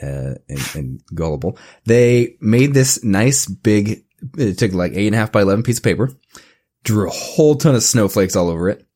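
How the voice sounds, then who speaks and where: A man's voice: sits low, expressive, fast talker, dark tone, slightly rough. A man in his thirties co-hosting a podcast, telling a story with hesitant restarts and laughter in casual chat. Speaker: podcast co-host.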